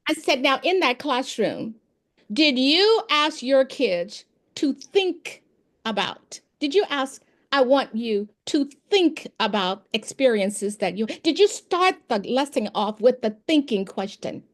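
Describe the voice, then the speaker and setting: Woman, former school principal, expert guest, storytelling, voices the people in her stories, high voice. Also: takes it slowly. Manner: animated, acts out dialogue in her anecdotes. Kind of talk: storytelling in an informal interview.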